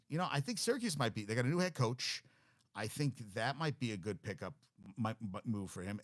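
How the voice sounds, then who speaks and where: A man's voice: medium pitch, no echo. Male sports show host, casual monologue, mid-range voice, dry room; thinks aloud, fumbles names, corrects himself. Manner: rambling, reads off stats and thinks aloud.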